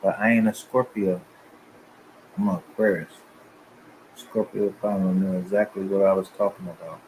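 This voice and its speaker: A man's voice: low voice, little pitch movement, moderate pace, a little mellow, slight background noise, low-quality recording. A man hosting his channel, talking loosely and profanely in a confrontational rant to his viewers. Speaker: channel host.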